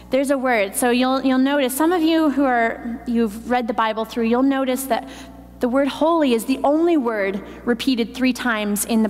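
A woman preaching a sermon in a church, teaching with emphatic repetition. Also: fairly high pitch. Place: church hall. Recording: long hall reverb, faint noise.

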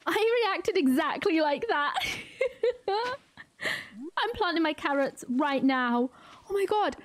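A woman streamer giving excitable, giggly live commentary while playing a game. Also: very high voice, slow, dry recording.

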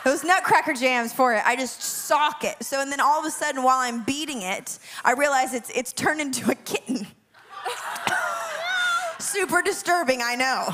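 Woman worship leader telling a wild dream, dramatic, laughy, a bit high voice. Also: moderate pace, a little hiss or hum. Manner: animated, laughing often, dramatic self-mocking asides. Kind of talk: humorous dream storytelling to a class.

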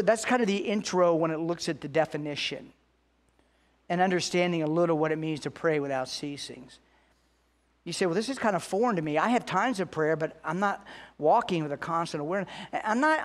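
A man with a notably high voice delivers a Sunday sermon as a pastor. He preaches earnestly, slowing down and lifting his voice to drive home each point. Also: lively intonation. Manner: earnest preaching, slows and rises for emphasis.

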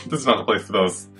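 A man hosting a reaction video, giving flustered, groaning running commentary with frequent swearing, recorded on his own camera at home. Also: fairly low pitch.

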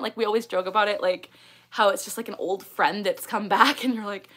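Fast-talking and a bit bright, with a medium-pitched voice, a young woman runs a casual livestream where she reads viewer comments. Her chat is full of ums and likes, and she laughs often.

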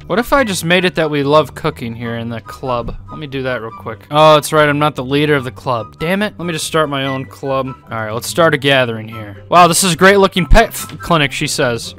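A young man giving casual, joking commentary over a life-sim game, laughing often and breaking into high squeaky laughter. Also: a bit bright. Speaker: gaming YouTuber. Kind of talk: casual Let's Play commentary. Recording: faint game music behind.

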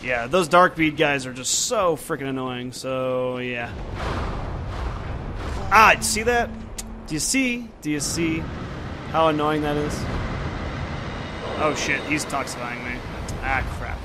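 In let's play commentary, a young man talks to himself about his own gameplay and swears a lot when frustrated. His medium-pitched voice keeps a measured pace, with steady noise behind it.

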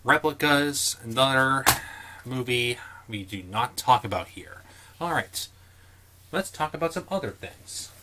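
A chatty young man with a bright, forceful voice, tossing off jokey asides and quick opinions in a casual vlog. A faint hiss of noise sits under his voice. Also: medium pitch. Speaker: collector showing his movie collection.

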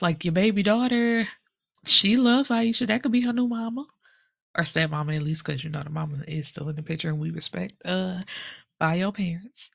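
A young woman chatting casually about a book she read, telling the story in a sassy, animated way with lots of asides. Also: mid-range voice, vocal fry. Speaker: book reviewer. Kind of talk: casual book review chat.

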